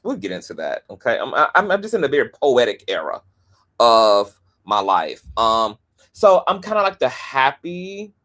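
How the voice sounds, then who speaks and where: A man hosting a casual livestream, chatty and animated. His voice has a middle pitch, and he rattles through plugs quickly with playful asides. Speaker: host.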